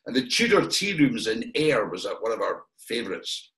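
A man's voice: medium pitch, big pitch swings, moderate pace, fairly bright tone. A Scottish man from Perth, a guest actor, reminiscing in a casual chat and rambling with fillers and restarts. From Perth, Scotland. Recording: echoey room.

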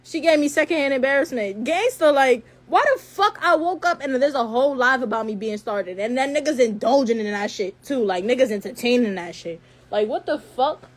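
A woman's voice: sits high, lively intonation, fairly quick, hardly any pauses. An eighteen-year-old woman in a heated, profane livestream rant into her phone, hurling insults.

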